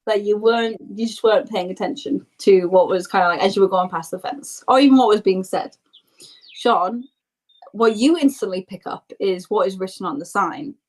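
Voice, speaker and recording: A woman's voice: medium pitch, moderate pace, darkish tone, rough recording. Woman, game master, chatty narration, fillers. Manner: loose, chatty, lots of fillers.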